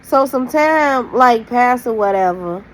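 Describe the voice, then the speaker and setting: A woman's voice: a little high, expressive, slow pace, poor audio. A woman telling a rambling storytime to her viewers in a loose, slangy, casual way, talking straight to the camera audience. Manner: rambling, loose slang-filled retelling with many "like"s; addresses viewers directly. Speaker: storytime vlogger.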